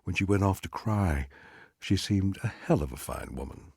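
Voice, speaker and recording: Male audiobook reader, husky low voice, lively expressive reading, dry close sound. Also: normal speed, no echo. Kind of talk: literary story narration.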